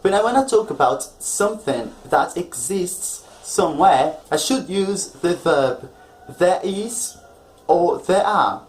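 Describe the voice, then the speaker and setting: A man's voice: high voice, animated, slow, poor audio. Male online English tutor; patient, explanatory, checks in with viewers constantly. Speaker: English teacher.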